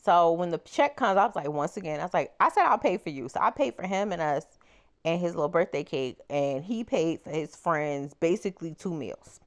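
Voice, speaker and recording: A woman crochet vlogger chatting casually as she tells a personal story, animated and exclaiming. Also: fairly low pitch, normal speed.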